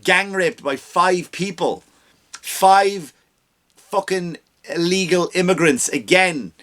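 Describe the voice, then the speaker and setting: A man with an Irish accent rants on a comedy podcast, heated and full of swearing. His voice sits fairly high and sounds bright and forceful, and his delivery is punchy. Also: takes it slowly. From Ireland. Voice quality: profane, heated ranting. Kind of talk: comedic rant.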